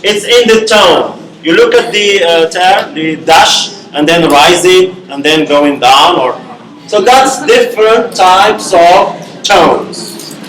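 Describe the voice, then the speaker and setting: A man's voice: high-pitched, fairly bright tone. A male university lecturer teaching a class, often checking in with "okay?" as he explains. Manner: repeats "okay?" to check understanding, slow and deliberate. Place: lecture hall. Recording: echoey classroom.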